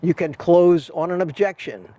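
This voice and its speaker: A man's voice: sits high, normal speed, warm tone, no echo. Chatty older man hosting a livestream. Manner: chatty, rambling storyteller with a salesman's patter. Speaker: livestream host. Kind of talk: casual livestream chat with viewers. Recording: dull lo-fi stream audio.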